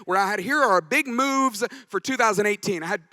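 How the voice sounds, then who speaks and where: A man's voice: high-pitched, fairly quick, pushed and bright, no room sound. A man giving a conference talk as a pastor, telling stories with jokes along the way. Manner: anecdotal, joking storyteller. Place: conference stage.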